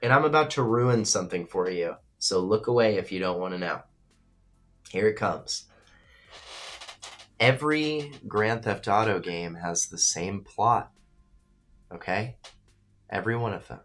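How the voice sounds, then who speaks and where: A man hosting a live stream, talking casually and with emphasis, at times swinging loud and high, and reading out chat messages. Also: animated, measured pace, pauses often, faint music behind. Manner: reads and answers chat. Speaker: livestream host. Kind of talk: casual livestream commentary.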